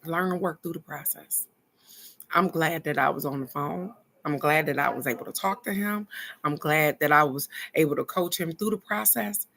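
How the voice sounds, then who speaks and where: A woman telling viewers a personal story in a casual, earnest way, pausing to reflect and speaking straight to her audience. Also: sits low, creaky, fairly bright tone. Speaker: spiritual card-reading host.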